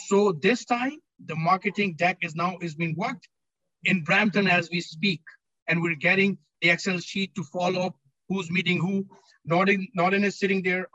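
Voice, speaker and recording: A man reporting briskly and in a businesslike way in an interview over a video call from a trade show floor. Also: high-pitched, sharp tone, no room sound, lo-fi sound. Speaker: company staff member.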